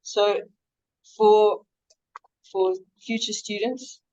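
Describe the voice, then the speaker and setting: A woman historian answers seminar questions in a relaxed, chatty way, circling back over her points and restarting her phrases. Her voice sits at an ordinary middle pitch. The sound is dull and lo-fi. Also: drawn-out words. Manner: chatty, laughing, many restarts. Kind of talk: academic seminar Q&A.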